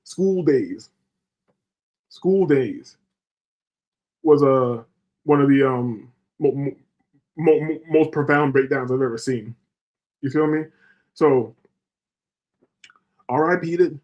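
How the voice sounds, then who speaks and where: A man's voice: on the high side, muffled recording. Fired-up profane man ranting on a stream. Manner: profane, fired-up, repeats rhetorical questions. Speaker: livestream host. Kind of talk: heated livestream rant.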